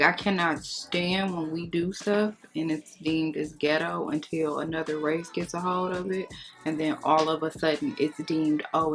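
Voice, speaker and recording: A woman beauty vlogger chatting casually while getting ready, outspoken and sassy with emphatic remarks. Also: sits low. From United States. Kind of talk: casual get-ready-with-me chat.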